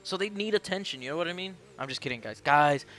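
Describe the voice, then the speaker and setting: A man's voice: sits high, animated, racing, a bit bright. Joking, profane young streamer man. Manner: joking, profane, rambling banter with chat. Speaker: race commentator and streamer. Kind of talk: casual live-stream commentary.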